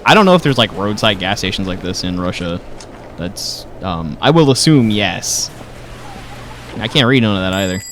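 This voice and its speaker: Guy doing casual lets play commentary, joky, really animated voice. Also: fairly low pitch, moderate pace, a little hiss or hum. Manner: chatty, joking, thinks aloud. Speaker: gaming host.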